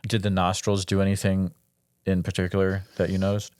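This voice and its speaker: A man with a very low voice hosts a podcast, working through detailed questions one by one in a calm, methodical way. His voice is deep, and the recording is dry and close, with no room echo. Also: brisk, clear, resonant tone. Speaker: podcast host, interviewer.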